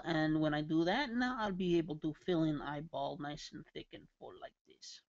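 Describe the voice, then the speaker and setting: A man's voice: a little high, moderate pace, few pauses, no room sound. A man casually chatting with viewers during a live drawing stream, playful and jokey. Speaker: caricature artist streaming live. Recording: dull lo-fi stream audio.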